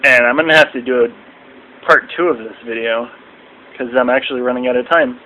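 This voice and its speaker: A young man in a casual, rambling video review at home, now and then mimicking people in shrill voices. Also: steady tone, moderate pace, narrow, tinny audio, a little hiss or hum. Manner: rambling, acts out quotes in shrill mocking voices. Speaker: vlogger reviewing wrestling.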